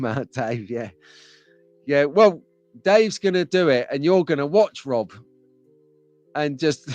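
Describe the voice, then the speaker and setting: A man's voice: fairly high pitch, no echo. An English man hosting a casual live stream, chatting and joking with viewers and laughing often. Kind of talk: casual live chat reading viewer comments.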